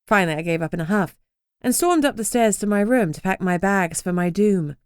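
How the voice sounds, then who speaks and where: A woman's voice: medium pitch, lively intonation, fairly quick, clear, resonant tone, no echo, studio quality. A woman narrating a first-person urban fantasy audiobook in a wry, sardonic way.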